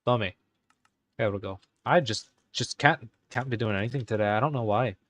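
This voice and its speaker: A man hosting a live stream, talking casually and halting as he types commands. He mutters to himself and corrects himself, all in an exaggerated put-on Irish accent. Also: medium pitch. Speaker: live-stream host coding game commands. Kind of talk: casual live-stream commentary while typing.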